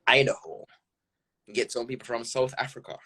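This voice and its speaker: A man's voice: medium pitch, fairly even intonation, moderate pace, bright, forceful tone, slightly rough. A Jamaican man from Jamaica, a content creator guest on a podcast, talking casually and animatedly, with lots of emphasis and frequent "right?" check-ins. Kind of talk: casual interview talk.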